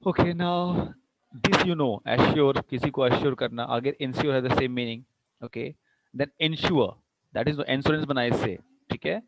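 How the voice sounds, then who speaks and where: Teaching English vocabulary in an online lecture, a man with an Indian English accent mixes English and Hindi and checks understanding through questions. His medium-pitched voice is gravelly and fast, and the dull recording carries a little hiss or hum.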